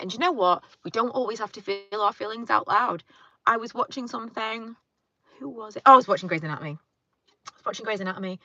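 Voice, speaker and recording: A woman with a lowish, pushed, bright voice chats casually during a live stream from inside her parked car, reading viewer comments and rambling with plenty of fillers. The audio is dry with no echo, and the highs are cut off.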